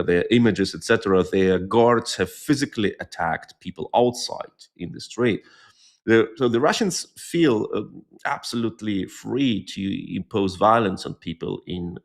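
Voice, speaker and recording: Deep gravelly man, earnest and halting. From born near Moscow, Soviet Union. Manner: earnest, searches for words with frequent pauses; outspoken and blunt. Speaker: guest volunteer. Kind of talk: conversational interview answer.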